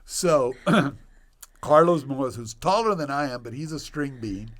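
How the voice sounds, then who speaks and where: An older man, a doctor guest on a podcast, telling a personal story in conversation with animated delivery and laughter. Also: mid-range voice, slow, slight background noise.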